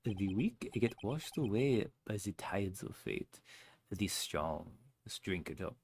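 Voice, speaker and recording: A man's voice: on the low side, expressive, takes it slowly, vocal fry, darkish tone, breathy edge, heavily acted. A man voicing a brooding, coffee-loving prosecutor with dramatic pronouncements. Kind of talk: fan voice acting over a game.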